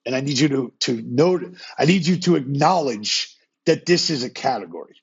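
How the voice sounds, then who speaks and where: A man hosting a podcast, talking in a fast, slangy way and swearing freely. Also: medium pitch, animated, vocal fry, husky, highs cut off. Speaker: podcast host. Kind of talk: casual interview chat.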